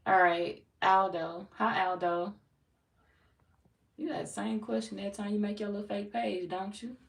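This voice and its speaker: A woman's voice: mid-range voice, steady tone, measured pace, gravelly. A woman from St. Louis, Missouri, with a Missouri accent, hosting a tarot livestream and greeting viewers in loose, playful, slangy chat. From Saint Louis, Missouri. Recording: roomy echo, mic at a distance.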